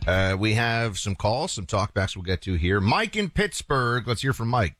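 A man hosting a talk radio show, chatty and playful with callers, in a loose, relaxed way. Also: lowish voice, normal speed, no room sound, clean studio sound, faint music behind.

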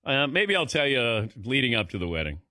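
A man's voice: mid-range voice, big pitch swings, fairly quick, bright, forceful tone, no room sound, studio quality. A man hosting a sports radio show, talking casually and taking callers. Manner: chatty, conversational.

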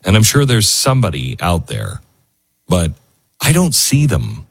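A man's voice: low voice, wildly swooping pitch, measured pace, vocal fry, slightly rough, no room sound. A man hosting a talk radio show, musing in an emotional, rambling monologue full of restarts.

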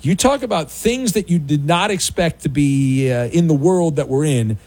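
A male sports radio host with a higher, very animated voice that leaps up and down in pitch. He talks briskly and bounces from one caller to the next story. The sound is dry and close. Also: no room sound. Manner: brisk, bantering, jumps between callers and news.

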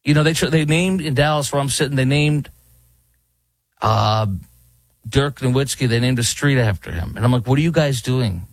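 Guy on a talk show going off on a rant, dry close sound, middle pitch, mocking bits here and there. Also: steady tone, moderate pace, long pauses, no echo. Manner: heated, ranting, mocking impressions. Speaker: talk radio host. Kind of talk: opinionated political commentary. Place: Dallas.

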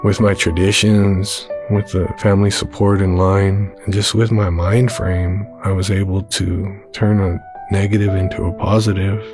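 A man speaking earnestly and reflectively about being a single father, in a public service ad. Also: on the low side. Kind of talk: personal testimonial.

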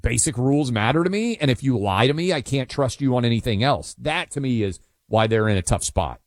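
A man's voice: mid-range voice, animated, a little fast, no echo, studio quality. A man hosting a talk radio show, emphatic and sarcastic in casual banter.

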